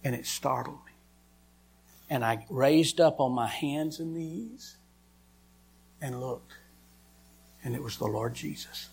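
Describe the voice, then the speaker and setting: A man preaches a personal testimony in a middle-range voice. He moves from hushed, whispered lines to loud, pressing ones. A faint hum runs in the background. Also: medium pitch, lively intonation, slow pace, gravelly, long pauses. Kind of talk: emotional sermon testimony.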